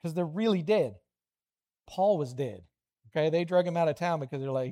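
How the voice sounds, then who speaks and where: A man, middle-aged, preaching a lively children's sermon, animated storytelling with playful voiced asides. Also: fairly high pitch, moderate pace.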